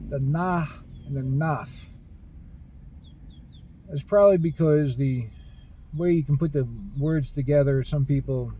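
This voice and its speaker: A man talking in a rambling personal monologue about spiritual ideas, earnest and halting, with many restarts. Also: a little high, warm tone, slight background noise, low-quality recording. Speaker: spiritual video host.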